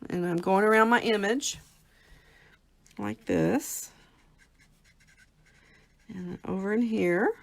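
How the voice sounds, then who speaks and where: A woman's voice: mid-range voice, slow, vocal fry, long pauses. A middle-aged woman hosting a casual live craft demo from home, chatty and talking through each step as she works. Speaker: papercraft host.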